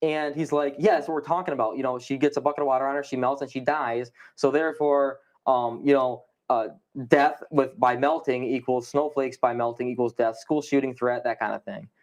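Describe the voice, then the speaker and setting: Fast-talking young man telling a story. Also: medium pitch. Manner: fast, animated storytelling, frequent swearing. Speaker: guest. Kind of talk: casual conversation.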